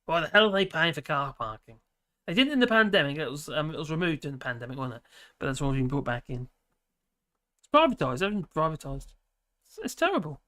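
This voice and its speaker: A man's voice: a little high, sing-song, fast, bright, forceful tone. A man from the UK hosting a live stream, chatting in a rambling way and reading viewer comments, tired and often laughing. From United Kingdom.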